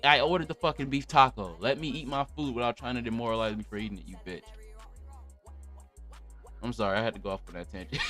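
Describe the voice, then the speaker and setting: A man's voice: medium pitch, fairly bright tone. A young man hosting a casual livestream podcast, rambling in a blunt, profane rant. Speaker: podcast host.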